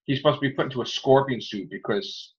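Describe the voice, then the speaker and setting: A man's voice: medium pitch, quick pace. A man hosting a casual movie chat, rambling through critical opinions with many fillers. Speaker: podcast host. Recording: dull lo-fi recording.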